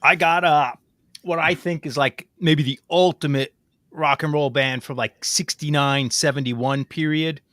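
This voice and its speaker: A man's voice: a little high, fairly even intonation, measured pace, fairly bright tone, no echo. A man in casual chat, playfully contrarian and teasing.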